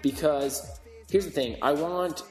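A man's voice: a little high, slow, darkish tone, echoey room, soft background music. A man co-hosting a podcast in casual chat, sarcastic and rambling, with lots of restarts. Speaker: podcast co-host.

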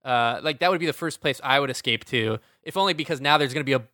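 A man's voice: mid-range voice, fast talker, sharp tone, no room sound, clean studio sound. A man co-hosting a podcast in casual chat, ranting and swearing with sarcasm. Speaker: podcast co-host.

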